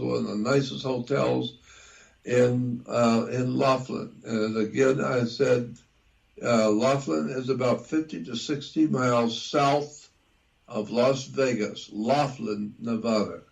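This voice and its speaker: An older man talking in an interview, slow and repetitive, lecturing as he explains. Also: medium pitch, gravelly, darkish tone, rough recording. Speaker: guest researcher. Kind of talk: conversational interview.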